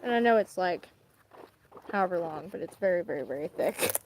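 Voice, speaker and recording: A young woman chatting casually as she unboxes items for her vlog, rambling and often trailing off quietly at the ends of her thoughts. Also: fairly low pitch, animated, brisk, background noise. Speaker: vlogger.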